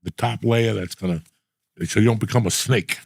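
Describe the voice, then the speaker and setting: A man's voice: on the low side, moderate pace, vocal fry, husky, no room sound, studio quality. A middle-aged man hosting a casual talk show, telling rambling, profane stories. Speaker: podcast host. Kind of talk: casual storytelling chat.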